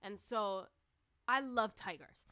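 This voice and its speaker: A woman's voice: medium pitch, slow pace, pushed and bright, no room sound, studio quality. A woman chatting casually on a livestream, rambling and peppering her talk with "like.". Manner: rambling, chatty, many "like" fillers. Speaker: livestreamer and musician.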